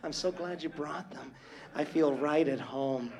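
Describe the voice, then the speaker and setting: A man's voice: fairly high pitch, measured pace, darkish tone. Flamboyant man teasing his audience. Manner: flamboyant and teasing, with constant endearments. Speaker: stage entertainer working the crowd. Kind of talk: live stage banter with the audience. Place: live venue with an audience.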